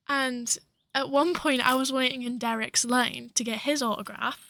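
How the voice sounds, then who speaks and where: Bright young woman chatting casually. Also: fairly high pitch, fairly even intonation, moderate pace, no room sound. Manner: rambling, lots of fillers. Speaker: podcast co-host. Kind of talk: casual chat.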